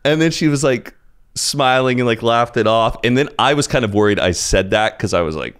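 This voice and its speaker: A young man with a fairly low voice chats easily as a podcast guest. He tells long, meandering anecdotes and peppers them with "like" and "dude". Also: a little fast, fairly bright tone, clean tone. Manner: rambling anecdotal storytelling with frequent "like" and "dude". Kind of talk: casual chat.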